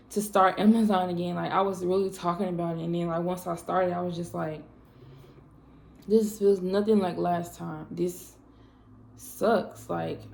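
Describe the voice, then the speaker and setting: A woman's voice: on the low side, gravelly, a little mellow. A young woman vlogger talking candidly and emotionally about burnout, rambling with lots of fillers in a confessional way. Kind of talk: candid personal talk to camera.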